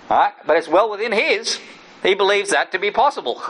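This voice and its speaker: A man's voice: sits high, animated, a little fast, fairly bright tone, low-quality recording. A middle-aged man and former missionary giving an earnest teaching sermon, often checking in with "right?" and acting out quoted prayers and speech. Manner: earnest, repeats points with "right?".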